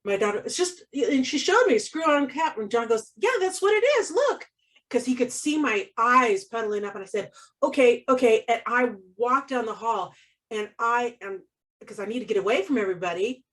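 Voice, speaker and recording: A woman tells a story in a casual talk show, animated and laughing often, acting out the voices of the people in it. Her voice sits fairly high, and she sounds a little off the mic. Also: moderate pace, recorded from a distance. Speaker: co-host.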